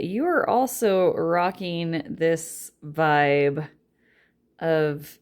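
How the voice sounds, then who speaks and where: A woman's voice: sits low, very slow, long pauses. A woman giving a casual tarot reading, chatty and rambling, with a light Southern drawl that slips in. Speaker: tarot reader.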